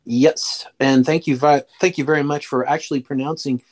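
A man talks as a guest on a relaxed podcast. He sounds easygoing and polite, and he often hesitates and fills pauses as he answers. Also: mid-range voice. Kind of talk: casual podcast chat.

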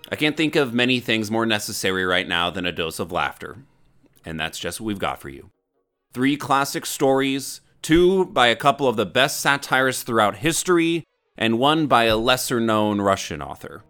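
A man's voice: lowish voice, sing-song, moderate pace, fairly bright tone, smooth, soft background music. Man announcing a podcast episode. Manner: upbeat, announcing. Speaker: podcast host, artistic director. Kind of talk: scripted podcast introduction.

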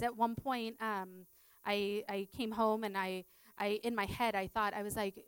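A woman's voice: mid-range voice, steady tone, normal speed, clean tone, dry recording, poor audio. A middle-aged woman, a teacher, sharing a personal testimony in a chatty way full of fillers. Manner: chatty, filler-heavy storytelling.

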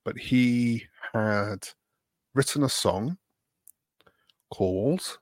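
An English man co-hosts a casual podcast chat, rambling and self-deprecating with plenty of fillers. His medium-pitched, slightly mellow voice moves very slowly, recorded with clean studio sound and no echo.

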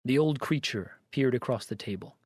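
A man narrating a story aloud in a measured, even reading voice. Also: mid-range voice, breathy edge, dry recording, clean studio sound. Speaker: audiobook narrator.

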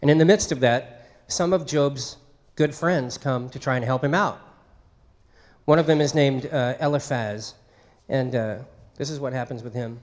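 A man's voice: medium pitch, moderate pace, pauses often, darkish tone. A man preaching a sermon in a conversational way, acting out quoted speech. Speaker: pastor.

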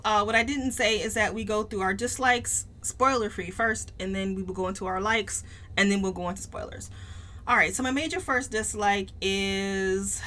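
A woman's voice: medium pitch, bright, forceful tone. A woman co-hosting a book podcast, giving a blunt, emphatic review in casual chat. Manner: blunt, emphatic, swears freely.

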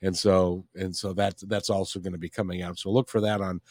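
A man's voice: sits low, flat delivery, a little fast, darkish tone, no echo, studio quality. A man hosting a radio talk show, speaking earnestly in a conversational way.

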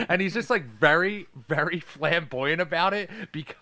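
A man co-hosting a podcast, chatting casually about a movie with a lively manner, often laughing and acting out scenes. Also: on the high side, moderate pace, few pauses. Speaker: podcast co-host. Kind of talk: casual movie review chat.

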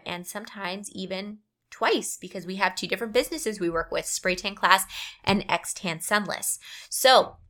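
A woman's voice: on the low side, bright, forceful tone. A woman in her thirties hosting her own podcast, talking in an upbeat, chatty way and correcting herself as she goes. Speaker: podcast host. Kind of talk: casual solo podcast talk.

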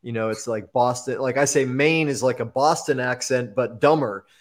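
A man's voice: mid-range voice, normal speed. A man from the northeastern US hosting an interview, chatting casually and rambling with many fillers. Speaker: podcast host.

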